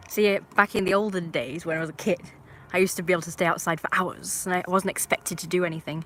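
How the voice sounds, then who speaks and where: A woman's voice: lowish voice, fairly even intonation, quick pace, a bit bright, a little hiss or hum. A woman from northern England speaking with a put-on posh accent, chatting and rambling in a self-mocking way on a live stream. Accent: northern English, put-on posh. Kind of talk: casual live stream chat.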